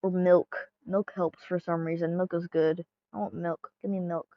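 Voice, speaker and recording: A woman's voice: lowish voice, flat delivery, normal speed, dry recording, dull audio, lightly acted. A woman playing a teasing young girlfriend. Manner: playful, teasing, demanding. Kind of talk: fan audio role-play.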